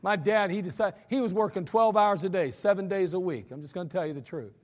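High-voiced folksy American preacher. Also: male voice, quick pace, a little mellow. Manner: folksy, emphatic storytelling preacher. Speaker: pastor. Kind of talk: sermon. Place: large church sanctuary. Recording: church hall reverb.

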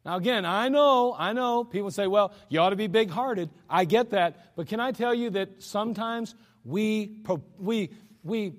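In a church sanctuary with long hall reverb, a male pastor preaches a sermon in a folksy, emphatic style, with chuckling asides. He has a high-pitched voice and speaks at a normal speed.

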